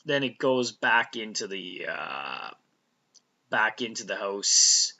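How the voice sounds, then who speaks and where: A man's voice: lowish voice, big pitch swings, slow, pushed and bright. A man casually recapping a TV episode, rambling with fillers and restarts and loosely acting out the characters' lines. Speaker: recap vlogger.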